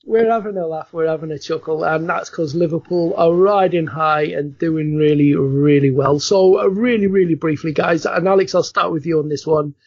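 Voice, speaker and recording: A man's voice: a little high, normal speed, creaky, hardly any pauses, no room sound. A man with an Australian accent hosting a podcast in a casual, jokey, chatty way and laughing often. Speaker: podcast host. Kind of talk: casual chat. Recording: dry, dull lo-fi sound.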